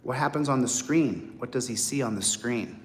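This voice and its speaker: A man in his late forties talking to viewers in a blunt, animated monologue, acting out other people's voices. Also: mid-range voice, normal speed. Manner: blunt, profane. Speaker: host. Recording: long hall reverb.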